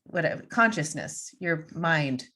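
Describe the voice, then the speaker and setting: A woman hosts a relaxed interview, her voice sitting a little low. She encourages her guest with quick reactions, musing questions and easy laughter. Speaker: interview host. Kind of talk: conversational interview.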